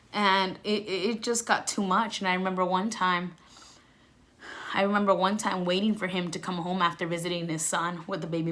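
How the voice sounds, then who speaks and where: A young woman telling a personal story to her viewers, candid and emphatic, filling her talk with "like" and "you know" and swinging from loud outbursts down to soft near-whispers. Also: medium pitch. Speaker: vlogger.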